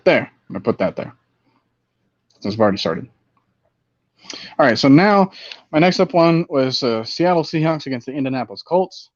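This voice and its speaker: Man, casual sports chat, rambling, animated, muffled sound, dry room. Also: medium pitch, normal speed, pauses often, dry recording. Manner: rambling, animated, with many fillers. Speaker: fantasy football podcast host.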